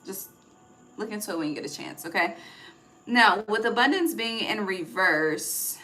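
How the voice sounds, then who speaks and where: A woman's voice: medium pitch, expressive, moderate pace, bright, forceful tone, rough recording. A woman giving a casual, intuitive tarot reading, chatty and profane, often checking in with "okay?", recorded on her phone. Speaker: tarot reader.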